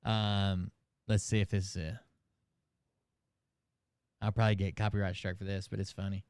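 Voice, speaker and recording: A man's voice: sits low, flat delivery, normal speed, darkish tone, smooth. A man hosting a stream and chatting loosely and profanely while reacting to videos. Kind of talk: casual live commentary.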